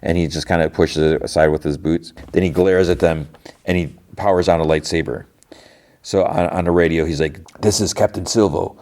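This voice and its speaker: Low-voiced man recapping an episode. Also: flat delivery, fairly quick, a little mellow. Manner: retells scenes with quoted voices, many fillers like "like". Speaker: podcast host.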